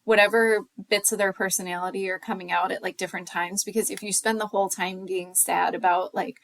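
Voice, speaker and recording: A woman co-hosting a library podcast in relaxed, rambling casual chat. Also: medium pitch, fairly quick, creaky, dry recording.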